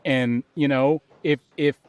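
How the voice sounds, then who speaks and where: A man's voice: fairly even intonation, takes it slowly, a little mellow, smooth, no room sound, lightly acted. A man playing a lazy, bumbling police officer who rambles and stammers in an improv comedy scene. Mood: flustered. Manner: rambling, stammering, jumping up in pitch.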